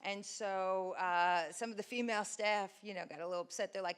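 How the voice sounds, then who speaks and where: A woman's voice: medium pitch, fairly even intonation, brisk, clean tone. Woman presenter chatting through video clips. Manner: conversational, checks in with frequent "right?". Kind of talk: explaining video clips to an audience. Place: presentation room with an audience.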